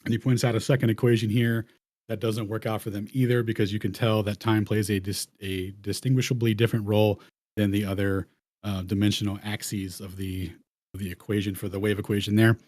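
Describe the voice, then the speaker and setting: Mellow, rambling man presenting slides. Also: on the low side, level tone, brisk, no room sound, clean studio sound. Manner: rambling, slangy, restarts mid-phrase. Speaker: host. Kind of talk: casual presenting over slides.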